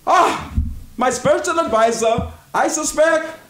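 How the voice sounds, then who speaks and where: A Bahamian man hosting a commentary show, pleading and repeating himself in a preachy way and breaking into shouts. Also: very high-pitched, unhurried, roomy sound. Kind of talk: impassioned political commentary.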